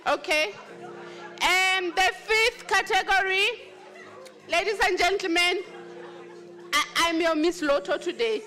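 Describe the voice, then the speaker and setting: High-pitched lively woman host. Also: takes it slowly, long pauses, a faint crowd. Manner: exuberant, teasing, cheering with shouts. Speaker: awards ceremony host. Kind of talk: announcing award winners. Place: large function hall.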